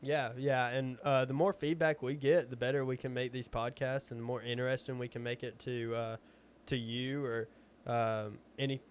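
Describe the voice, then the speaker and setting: A young man co-hosting a podcast, easygoing and halting with fillers. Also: mid-range voice, level tone, slight background noise. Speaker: podcast co-host. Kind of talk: casual chat.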